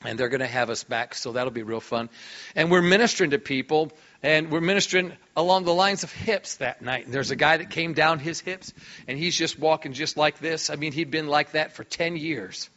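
Brief: middle-aged male preacher, raised pitch, animated storytelling, lo-fi church sound. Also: moderate pace. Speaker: guest preacher. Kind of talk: sermon storytelling. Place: church hall.

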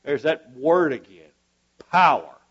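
Man, preacher, fervent sermon, emphatic repetitions, high voice, muffled lo-fi sound. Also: lively intonation, slow pace, fairly bright tone, breathy edge. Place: church service with congregation.

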